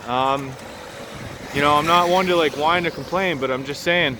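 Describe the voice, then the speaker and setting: A man with a Boston accent rambles along in a casual, profane, joking vlog, his voice sitting a bit high for a man. He films himself on a handheld camera out on a snowy city street. Clear street noise runs under everything he says. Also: moderate pace, pushed and bright. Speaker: vlogger.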